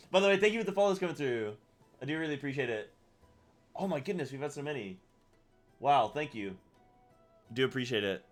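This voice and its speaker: A man's voice: mid-range voice, animated, brisk, pauses often, faint music behind. A man streaming a game, chatting casually in a joking, self-deprecating way.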